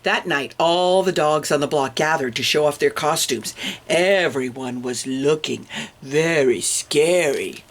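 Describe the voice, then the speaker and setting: Storytime woman reader, slow and low-set, playful asides for kids. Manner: expressive, with asides to young listeners. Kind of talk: reading a picture book aloud.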